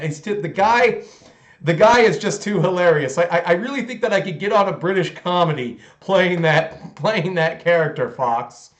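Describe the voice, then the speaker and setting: A man's voice: high-pitched, lively intonation, normal speed. A man hosting his own hobby channel who rants in an opinionated, sarcastic way and rambles with many fillers. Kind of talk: casual ranting vlog while painting miniatures. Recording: roomy echo.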